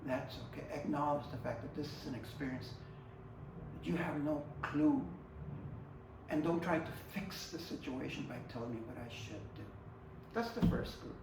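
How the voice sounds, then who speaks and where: A man with a fairly high, gravelly voice gives a heartfelt, earnest talk on supporting people through grief. He pushes hard on key words, then sinks low and soft. He is heard from some way off in an echoey room with a faint hum behind him. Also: recorded from a distance. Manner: earnest and personal, swinging from emphatic to quiet.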